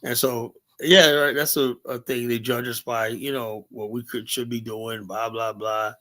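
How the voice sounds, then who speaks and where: A man's voice: mid-range voice, level tone, a little slow, pushed and bright. An American man hosting a casual commentary livestream, talking loosely with lots of fillers and profanity. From United States. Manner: loose, rambling, heavy filler words and profanity. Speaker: livestream host.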